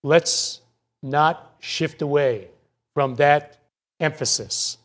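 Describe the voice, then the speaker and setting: Man, pastor, sermon, high-pitched, unhurried, repeats points for emphasis. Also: animated.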